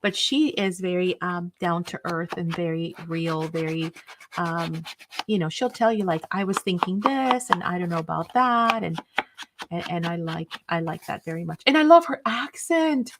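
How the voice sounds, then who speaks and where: A woman's voice: lowish voice, moderate pace, noisy background. Chatty, enthusiastic woman craft host. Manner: chatty, rambling, enthusiastic, with many fillers. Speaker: craft live stream host. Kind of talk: casual chat with live viewers.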